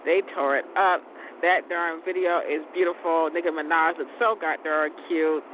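A woman's voice: deep voice, fairly even intonation, moderate pace. A woman in her forties chatting casually in a rambling, repetitive way, laughing often. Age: 40s. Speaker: vlogger. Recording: tinny phone-like sound, faint noise.

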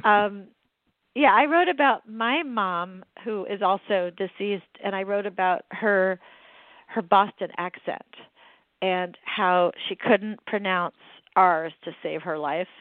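A woman's voice: medium pitch, slow, no echo. A middle-aged woman, a book editor, telling family stories with laughs in a casual interview. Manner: chatty, laughing storyteller. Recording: tinny dry phone line.

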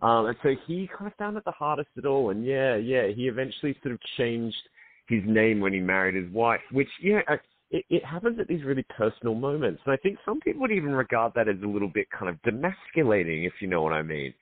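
A man's voice: medium pitch, expressive, quick pace, no echo. Australian man on a tinny line. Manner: chatty, restarts often. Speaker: film director guest. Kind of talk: casual interview over a call. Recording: tinny phone-like line, dry.

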